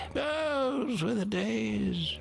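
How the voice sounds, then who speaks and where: A man's voice: high voice, fairly bright tone, full character voice. An actor playing a forgetful, joking old grandfather who rambles and chuckles in a video game. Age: older. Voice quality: creaky. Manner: rambling, chuckling, halting storyteller.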